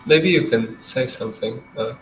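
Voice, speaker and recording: A man's voice: medium pitch, moderate pace, fairly bright tone, echoey room, faint music behind, poor audio. A man taking part as a player in a tabletop game, speaking in a tentative, polite way.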